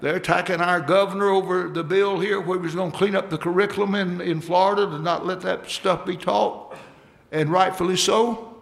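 A man's voice: high voice, fairly even intonation, moderate pace, gravelly. A man preaching a sermon, folksy and emphatic, calling out for amens from the congregation.

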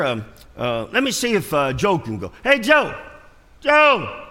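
In a church sanctuary with long reverb, a man preaches a sermon in a slightly high, bright, forceful voice whose pitch swoops wildly, delivered a little slowly. He tells stories with animation and acts out the voices of the people in them.

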